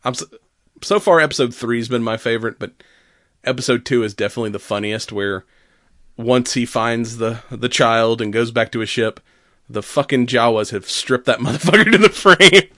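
A man chatting casually on a podcast, animated and laughing often as he acts out quotes. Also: medium pitch, normal speed, dry recording, studio quality. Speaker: podcast co-host. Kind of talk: casual chat.

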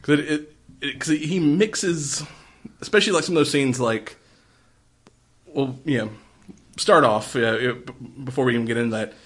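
A man in casual chat, rambling through a movie plot with many fillers and quick acted-out quotes. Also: mid-range voice, a bit bright, slightly rough. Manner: rambling, retells scenes with quick put-on voices.

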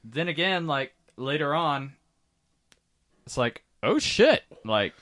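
A man's voice: mid-range voice, takes it slowly, sharp tone. A man co-hosting a podcast in casual chat, hesitant and rambling, with lots of fillers and casual swearing. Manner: hesitant, full of "you know" and restarts, swears casually. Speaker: podcast co-host.

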